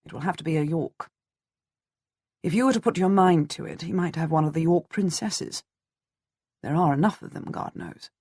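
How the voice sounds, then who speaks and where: Blunt middle-aged lord talking plainly to his wife, woman reader putting him on, husky, dry audiobook sound. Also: deep voice, normal speed, pauses often, darkish tone, no room sound. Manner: blunt, matter-of-fact. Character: stern middle-aged noble husband, blunt.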